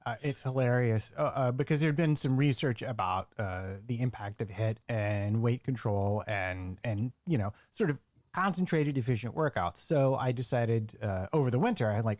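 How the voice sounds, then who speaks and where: A man's voice: medium pitch, a little fast, a little mellow, no echo. A man in a mid-range voice tells a self-deprecating anecdote from home and acts out his own reactions. The recording is close and dry. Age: adult. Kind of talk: casual chat, anecdote. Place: home, remote call.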